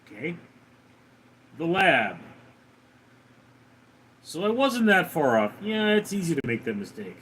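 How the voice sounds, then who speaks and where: A man hosting a livestream, reading viewer comments aloud and answering them with dry, deadpan remarks. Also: a little high, unhurried, long pauses, a little hiss or hum. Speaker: livestream host reading chat.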